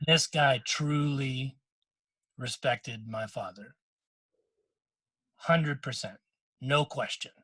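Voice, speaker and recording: Husky-voiced man telling an emotional story. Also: mid-range voice, slow, long pauses, bright, forceful tone, no room sound. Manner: emotional storytelling with many restarts; quotes others in short bursts. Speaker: podcast co-host. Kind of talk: casual podcast chat.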